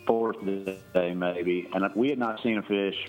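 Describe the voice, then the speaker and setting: A guest on a podcast casually tells a long fishing story, laughing and rambling with frequent restarts. His voice sits low and moves at a measured pace. Soft music plays in the background of a rough recording.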